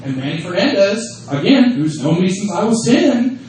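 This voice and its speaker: A man in his thirties spins profane, lively stories at a fan panel, laughing often, his voice sitting somewhat high for a man. He is heard from a distance through a phone in the audience. The sound rings with heavy room echo, and faint ambient noise sits beneath it. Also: moderate pace. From United States. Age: 30s. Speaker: wrestling promotion creative head on a fan panel. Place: convention room at a fan event. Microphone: phone held in the audience.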